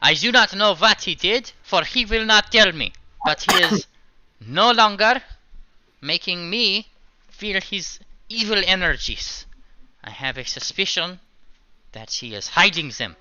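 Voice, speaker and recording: A man doing a stern, suspicious female creature with hooves, her voice pitched high and lively with a put-on accent. She speaks in a formal, clipped way, bright and forceful. The sound is slightly dull, as over an online voice chat. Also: moderate pace, dry recording, exaggerated voice. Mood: suspicious, imperious.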